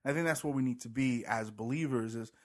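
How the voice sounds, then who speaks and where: A man's voice: medium pitch, a little fast. A man co-hosting a podcast, chatting casually and sarcastically, acting out quoted talk, with audible heavy breathing. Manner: sarcastic, storytelling, acts out quotes. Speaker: podcast co-host. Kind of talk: casual chat about church.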